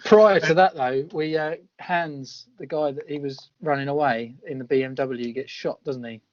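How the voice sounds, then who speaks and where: A man's voice: a little high, fairly even intonation, moderate pace, no room sound. Chatty man on a dry podcast mic. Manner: chatty, laughs often. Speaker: podcast co-host. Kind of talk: casual film review chat. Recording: dry, muffled podcast audio.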